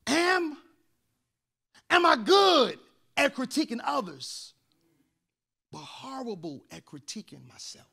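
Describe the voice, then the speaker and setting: A man pastor preaching with animated storytelling, repeating words in bursts and building to loud shouts. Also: very high-pitched, takes it slowly, vocal fry, long pauses, slightly rough. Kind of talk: sermon.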